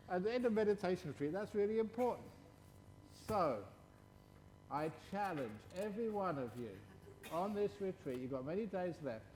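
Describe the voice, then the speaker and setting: A man, a Buddhist monk, giving a playful dharma talk and answering questions at a retreat, chuckling and stretching words slowly for emphasis. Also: fairly high pitch, slight background noise.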